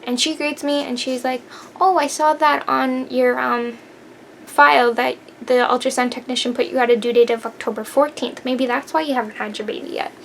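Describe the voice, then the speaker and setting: A woman's voice: high voice, normal speed, creaky, a little hiss or hum. A young woman vlogger telling a personal story in a casual, emphatic way. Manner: animated, emphatic, laughs while telling.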